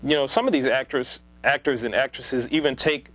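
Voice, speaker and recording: A man chats off the cuff about movie casting in a relaxed vlog. He rambles, pausing often on ums and uhs and restarting his sentences. His voice sits in an ordinary middle pitch. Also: poor audio. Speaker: movie commentator. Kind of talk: casual unscripted opinion vlog.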